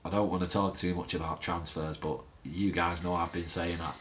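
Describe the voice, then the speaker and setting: A man's voice: sits low, flat delivery, normal speed, a bit bright, a little hiss or hum. A man hosting a fan channel, chatting casually and rambling with lots of fillers and restarts. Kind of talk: casual fan vlog chat.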